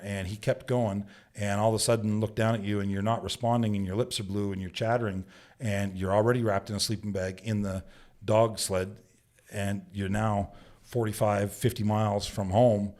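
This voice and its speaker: Animated low-voiced man telling bush stories. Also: a little fast. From Canada. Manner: animated storyteller who acts out quotes, says "right?" often. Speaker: podcast guest, Yukon bushman. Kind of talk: casual storytelling. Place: podcast studio.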